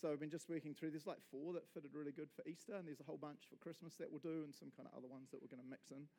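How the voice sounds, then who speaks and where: A man's voice: a little high, racing, vocal fry. A man with a New Zealand accent, a pastor giving a casual, jokey sermon full of asides to the congregation. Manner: jokey, energetic, chatty with frequent asides to the congregation. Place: church service.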